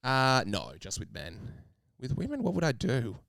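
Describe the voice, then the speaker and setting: A man's voice: mid-range voice, huge pitch swings, unhurried, gravelly, fairly bright tone, no echo, clean studio sound. An Australian man co-hosting a podcast in casual chat, playful and musing aloud. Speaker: podcast co-host.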